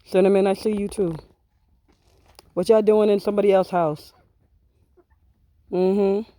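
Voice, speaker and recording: A backyard chicken keeper chats to the flock in a casual outdoor vlog, teasing the birds playfully. The voice is mellow and warm, sitting at an ordinary middle pitch. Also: flat delivery, a little slow.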